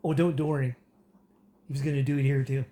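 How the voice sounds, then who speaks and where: With a mellow, medium-pitched voice held at a level tone, this man from Canada talks at a quick pace. He's a political commentator ranting casually to camera, rambling through fillers and restarts and cracking up with laughter.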